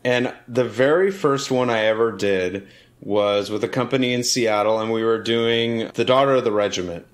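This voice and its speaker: A man co-hosting a podcast, telling a story in a relaxed, self-mocking, chatty way. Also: medium pitch. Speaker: podcast co-host, opera singer. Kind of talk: casual storytelling chat.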